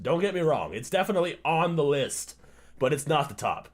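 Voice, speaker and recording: A man's voice: on the high side, very animated, brisk. A man hosting a livestream, reacting casually to a video, swearing often, laughing and ranting. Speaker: livestream host.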